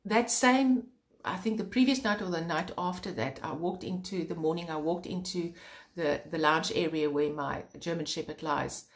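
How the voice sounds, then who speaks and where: A woman preaching an informal sermon in an earnest way, with many pauses and a voice that turns fervent when she stresses a point. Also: fairly low pitch. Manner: earnest, pausing often, sharpening into fervent emphasis.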